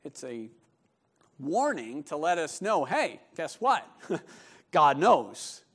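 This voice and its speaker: High-voiced, joking male preacher. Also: sing-song, slow, a bit bright, slightly rough. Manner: conversational and joking. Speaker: pastor. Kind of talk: sermon.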